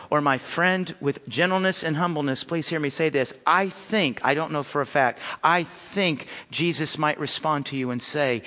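A male pastor preaching a sermon emphatically, repeating his words and swinging between loud appeals and hushed lines. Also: on the high side, normal speed. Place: church sanctuary. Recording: long reverb of a church hall.

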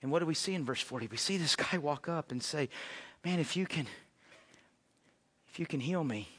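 A man preaching a sermon as pastor, conversational, swinging between loud emphasis and hushed asides. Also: on the high side, lively intonation, moderate pace, slightly rough, long reverb tail.

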